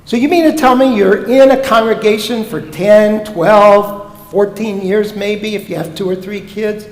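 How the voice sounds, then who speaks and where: A man's voice: sits high, unhurried. A man from Omaha speaking as a guest speaker in a synagogue, telling comic stories with punchlines in a sermon-style talk. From Omaha, United States. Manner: animated, comic storytelling with punchlines. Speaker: guest speaker, professor of Jewish education. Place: synagogue sanctuary. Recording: echoey hall with long reverb.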